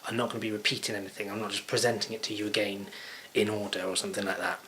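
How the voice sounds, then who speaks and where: A man's voice: lowish voice, flat delivery, very fast, pushed and bright, slight background noise, poor audio. A man hosting his own show, chatting unscripted straight into a camera mic in a rambling, jokey, self-deprecating way. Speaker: vlogger host. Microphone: camera microphone.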